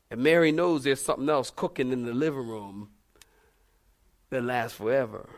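A middle-aged man preaching a sermon, animated and humorous, calling out to his congregation. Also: on the high side. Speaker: pastor.

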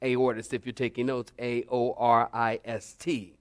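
A man preaching to a church congregation as pastor, animated and humorous, breaking into mock voices and then spelling out points slowly like a teacher. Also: mid-range voice, clean tone. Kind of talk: sermon.

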